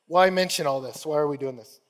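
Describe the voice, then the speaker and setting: A man preaching a sermon, telling stories in an animated, playful way and acting out the scenes. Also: fairly high pitch, brisk. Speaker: pastor. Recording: long hall reverb.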